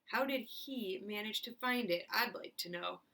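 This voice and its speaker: A woman voicing a loud, angry bystander in a storybook reading, shouting. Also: high-pitched, lively intonation, a little slow, distant mic, pitched above the performer's own voice. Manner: shouting angrily. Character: loud angry person in a crowd.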